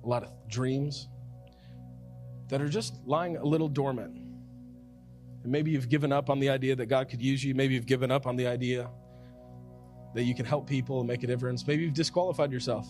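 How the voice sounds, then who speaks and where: A man preaching a sermon as pastor, talking conversationally, repeating and restarting phrases, with swings from loud and urgent to soft and quiet. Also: medium pitch, fairly even intonation, brisk, pauses often, faint music behind.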